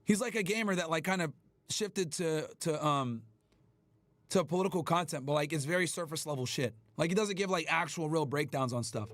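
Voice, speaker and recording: A man hosting a livestream, ranting at his chat in a loud, profane, emphatic way. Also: on the high side, a little fast, no room sound. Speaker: livestream host. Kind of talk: casual livestream rant.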